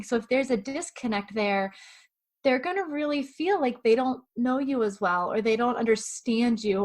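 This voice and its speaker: A woman with a fairly high voice, speaking as a guest in an interview. She gives writing advice in a quick, chatty, emphatic way, the tone of a professional writer who talks with her hands. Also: a little mellow.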